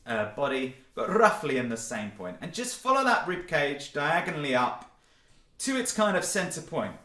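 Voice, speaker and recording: A man leading an online singing warm-up, encouraging and cheerful, often breaking into loud demonstration sounds. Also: on the high side, roomy sound. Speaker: singing workshop leader. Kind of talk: online vocal warm-up session.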